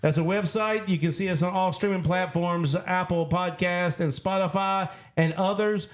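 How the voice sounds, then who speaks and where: A man's voice: high-pitched, fairly even intonation. Joking podcast host, a man. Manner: loose and joking, with drawn-out filler pauses. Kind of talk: casual chat.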